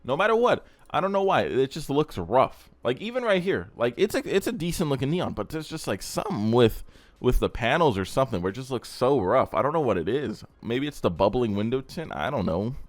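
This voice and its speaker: A man's voice: medium pitch, sing-song, brisk, dry recording. A young man hosting a car channel, giving blunt, crude, rambling casual commentary.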